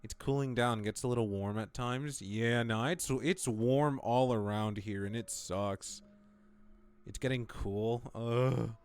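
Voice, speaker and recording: A man's voice: medium pitch, slow, clear, resonant tone. A young man casually chatting with his stream viewers, rambling and playful. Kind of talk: casual live-stream chat.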